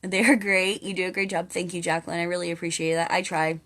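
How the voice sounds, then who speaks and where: A woman's voice: fairly low pitch, flat delivery, quick pace, fairly bright tone. A young woman hosting a casual spiritual live stream at home, chatting earnestly and reading viewers' comments aloud as she rambles along. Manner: earnest, coaxing encouragement. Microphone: phone or webcam on a live stream.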